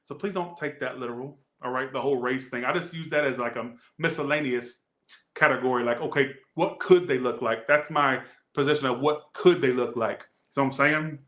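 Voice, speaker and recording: A man with a Southern US accent giving a casual tarot reading, animated, blunt and joking. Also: mid-range voice, brisk, echoey room. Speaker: tarot reader.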